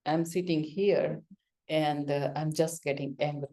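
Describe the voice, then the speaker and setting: A woman's voice: low voice, fairly even intonation, a little slow, mellow. A woman with an Indian accent teaching a yoga lesson, coaxing answers from her student with questions and acted-out examples.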